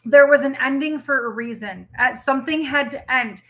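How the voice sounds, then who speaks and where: A woman's voice: high voice, normal speed, fairly bright tone. A young woman giving a live tarot reading, chatty and emotional, rambling with lots of fillers. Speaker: tarot reader.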